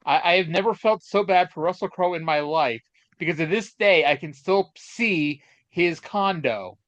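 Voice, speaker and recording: Man podcast co-host, slightly high voice, rambling and hesitant, lo-fi dry recording. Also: moderate pace, a bit bright, no echo. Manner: rambling, hesitant storyteller with many fillers. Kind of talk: casual chat. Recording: dull lo-fi dry sound.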